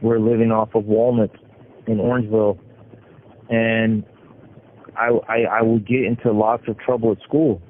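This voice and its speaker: A middle-aged man from California, an inmate, tells his life story over a prison phone call, halting and restarting his sentences often. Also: fairly low pitch, flat delivery. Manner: halting, with frequent restarts and repeated words. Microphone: prison telephone. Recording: tinny phone line with faint hiss.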